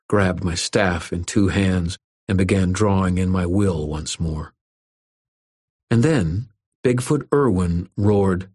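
A man narrating a first-person fantasy audiobook in a steady, measured way. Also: lowish voice, husky.

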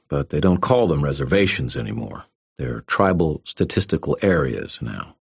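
A man's voice: a bass voice, vocal fry, breathy edge, no room sound. A man reading a first-person story aloud with dry, wry delivery. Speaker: audiobook narrator. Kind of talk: first-person audiobook narration.

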